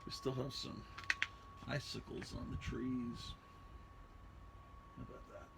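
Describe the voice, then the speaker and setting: Hoarse, gravelly man, rambling showman. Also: mid-range voice, little pitch movement, slow pace, heavy background noise. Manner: showman patter, repeats "ladies and gentlemen". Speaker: vlog host. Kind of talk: rambling mock-showman vlog chat. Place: home, indoors.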